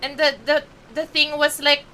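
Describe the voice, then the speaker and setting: A woman's voice: high-pitched, monotone, normal speed, sharp tone, soft background music. A woman with a Filipino accent chatting casually on a live game stream, talkative and emotional, switching between English and Tagalog.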